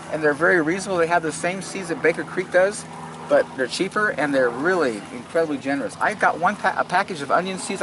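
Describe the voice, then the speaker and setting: An older man with a slightly raised voice walks visitors through his garden, talking in an eager, homespun way. He often trips over his words and repeats them. The outdoor recording carries a steady wash of background noise. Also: high voice. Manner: enthusiastic, folksy, stumbles and repeats words. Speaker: gardener giving a tour. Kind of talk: casual guided garden walk.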